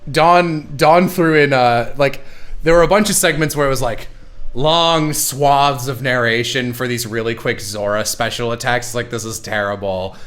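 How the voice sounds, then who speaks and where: A show creator hosts a casual livestream chat, retelling stories full of laughter and quoted voices. He speaks at a measured pace in a medium-pitched, fairly bright voice with fairly even intonation.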